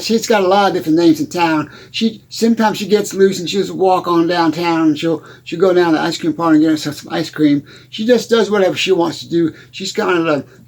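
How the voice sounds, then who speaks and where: A man's voice: high-pitched, gravelly. A man playing a folksy small-town country character in a comedy monologue, rambling and stammering as he talks.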